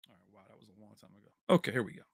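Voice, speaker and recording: A man racing through a casual livestream reads out viewers' names and locations and jokes with the chat in a chatty way. His voice is a bit bright, and the audio is clean studio sound with no room sound.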